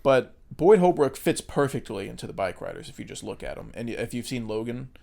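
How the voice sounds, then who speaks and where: An American man co-hosting a movie podcast in loose, casual chat. His voice sits at an ordinary middle pitch and he rambles, filling gaps with ums and likes and swearing now and then. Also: very animated, brisk, gravelly, warm tone. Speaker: podcast co-host.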